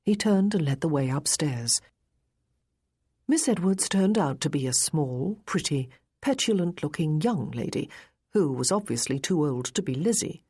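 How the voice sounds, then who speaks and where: A woman narrating a period romance novel in a measured, even storytelling manner. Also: sits low, breathy edge. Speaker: audiobook narrator.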